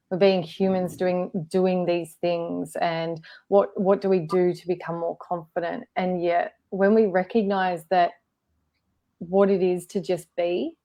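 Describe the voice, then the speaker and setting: A woman's voice: on the low side, mellow. Earnest Australian woman on a video call. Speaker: guest speaker. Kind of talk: live online discussion.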